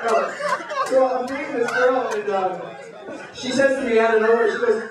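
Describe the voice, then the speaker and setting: A male stand-up comedian telling crude deadpan one-liners, with filler "uh"s, to a club audience. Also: extremely high pitch, moderate pace. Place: hotel comedy club stage, indoors. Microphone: handheld stage mic. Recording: echoey club from far off, crowd laughing. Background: audience laughter.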